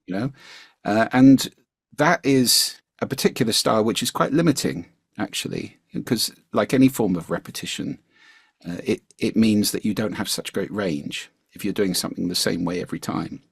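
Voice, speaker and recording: A man being interviewed as a communication coach, explaining his points in an articulate, measured way. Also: lowish voice, creaky, breathy edge, no room sound, clean studio sound. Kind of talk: interview conversation.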